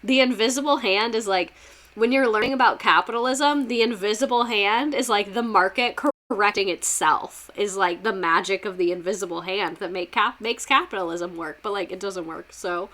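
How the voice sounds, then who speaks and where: A woman's voice: medium pitch, moderate pace, a bit bright. Sarcastic, profane woman teaching history. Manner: sarcastic, profane, laughing asides. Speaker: history explainer, former teacher. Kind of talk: casual online history lesson.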